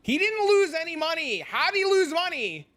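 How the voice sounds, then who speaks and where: A man's voice: extremely high pitch, sing-song, normal speed, sharp tone. A man streaming a game and chatting casually with viewers, blunt, profane and rambling. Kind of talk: casual live-stream chat.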